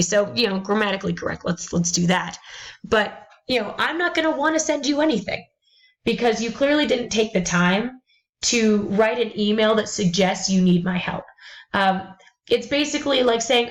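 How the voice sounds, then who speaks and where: A woman's voice: mid-range voice, moderate pace, low-quality recording. A woman teaching college English, lecturing bluntly about email etiquette with sarcastic, exasperated asides.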